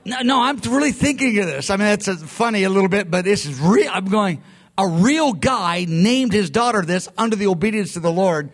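Man, preacher, high-pitched voice, emphatic, self-interrupting sermon delivery. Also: lively intonation, a little fast. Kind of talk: sermon teaching.

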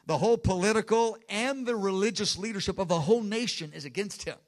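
A man's voice: high-pitched, fast. A man preaching a sermon with earnest emphasis, often restarting phrases and acting out quotes. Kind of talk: sermon teaching.

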